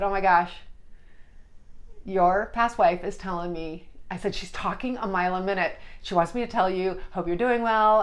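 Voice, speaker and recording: A woman hosting her own show, telling personal stories in an earnest, chatty way, acting out the dialogue as she goes. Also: on the low side. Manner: chatty, earnest, lively retelling with restarts and quoted dialogue. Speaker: podcast host and Reiki practitioner. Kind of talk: casual storytelling monologue.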